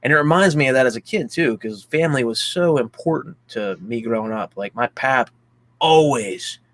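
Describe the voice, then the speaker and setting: Here a movie podcast co-host from Pennsylvania, USA, rambles his way through a heartfelt story, leaning on lots of fillers. He speaks at a moderate pace in a mid-range voice with lively intonation.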